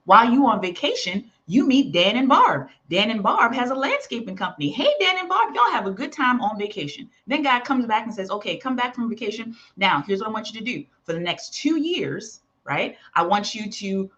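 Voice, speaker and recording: A woman's voice: medium pitch, animated, moderate pace, few pauses, a bit bright, muffled recording. A woman teaching in a sermon style, telling a story and acting out the voices of its characters. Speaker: preacher.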